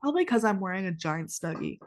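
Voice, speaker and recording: A woman's voice: medium pitch, expressive, fast. A twenty-year-old woman hosting a podcast, talking in a rambling, casual confessional way with lots of "like", her nose stuffy after crying. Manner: rambling, heavy use of "like", frequent restarts. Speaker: podcast host. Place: indoors, warm room.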